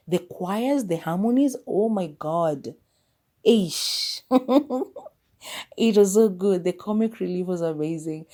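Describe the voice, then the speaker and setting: Low mellow woman rambling thru a movie review on her podcast. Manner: chatty, rambling, self-correcting. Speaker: podcast host. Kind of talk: casual movie review monologue.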